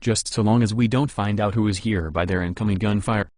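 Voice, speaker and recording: A man's voice: on the low side, steady tone, brisk, a little mellow, no echo, studio quality, lightly acted. A man voicing a sardonic armored male marshal in an audiobook, speaking in a wry, understated way. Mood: dry.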